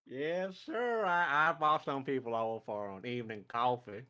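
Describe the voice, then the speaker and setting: A player voicing a cheerful, rough-edged hillbilly adventurer in a tabletop game, with a folksy, playful drawl. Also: mid-range voice, normal speed, pushed and bright, lightly acted. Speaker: player character.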